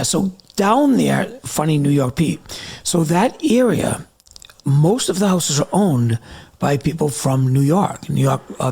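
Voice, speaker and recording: A middle-aged man chats loosely on a live stream from home, drifting between topics and calling out viewers by name. His voice is gravelly and husky, set a touch higher than most men's. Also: a little mellow. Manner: rambling, chatty, answering viewer comments by name. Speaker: TikTok live host. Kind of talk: casual live-stream chat. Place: at home in the evening.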